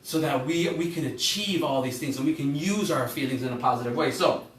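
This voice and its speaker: A man's voice: medium pitch, fairly quick. A man teaching an online emotional intelligence class, talking informally, rambling and correcting himself as he puts questions to the listeners. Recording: echoey room, a bit far from the mic, faint music.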